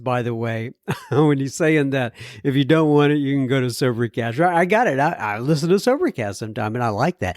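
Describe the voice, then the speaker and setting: A man's voice: mid-range voice, no echo, clean studio sound. A man hosting a casual podcast, talking earnestly with plenty of fillers and frequent chuckles. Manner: chuckles often while talking; earnest and warm-hearted, with many fillers. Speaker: podcast host.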